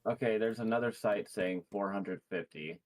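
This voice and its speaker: Low-voiced outraged man swearing. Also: moderate pace, darkish tone, a little hiss or hum. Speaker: co-streamer. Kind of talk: live reaction stream.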